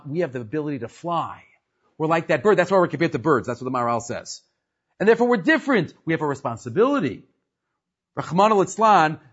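A man teaching a Torah class, animated and full of rhetorical questions to his students. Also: fairly high pitch, husky, dull audio.

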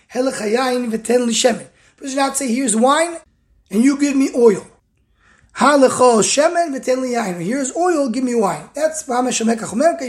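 A woman's voice: a little high, darkish tone. A woman teaching a text study lesson. She reads short phrases of the original text and explains each one in plain English, talking in short bursts with small restarts. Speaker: Talmud teacher.

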